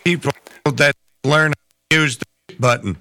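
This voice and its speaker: A man's voice: fairly high pitch, brisk, bright, forceful tone, slight background noise. A man hosting a casual chat, playful and laughing often. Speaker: podcast host.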